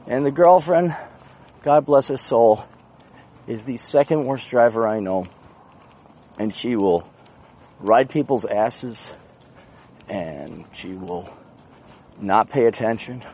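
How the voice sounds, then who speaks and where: In a lowish, darkish voice with lively intonation, a man speaks slowly and pauses often. He's a podcast host on a rambling walk to the bus, casual and self-deprecating, laughing throughout.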